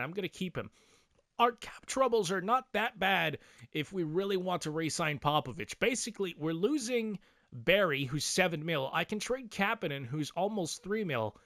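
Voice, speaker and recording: A man's voice: sits high, no echo. Male gaming commentator, loose casual hype, words slurred from medication, dry close mic. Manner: excitable, hypes his team, swears casually. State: slurring speech after dental surgery. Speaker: gaming video creator.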